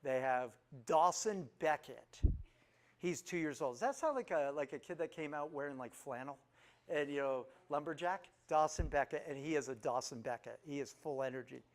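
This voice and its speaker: A man's voice: on the high side, moderate pace. A man in his fifties, casually telling humorous family stories to a group and asking them questions. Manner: humorous, asks the audience questions. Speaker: speaker introducing himself to a group. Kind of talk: casual storytelling talk.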